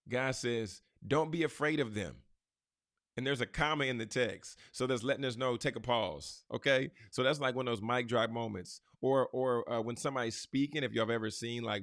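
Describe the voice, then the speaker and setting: A man's voice: medium pitch, a bit bright, no echo, studio quality. A man hosting a podcast, teaching scripture in an emphatic, preacher-like way and speaking straight to his listeners. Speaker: podcast host.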